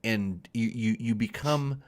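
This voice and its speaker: Rambling low-voiced male podcast host. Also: slow pace. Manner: rambling, repeats words, laughs often. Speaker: show host. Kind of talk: casual podcast chat.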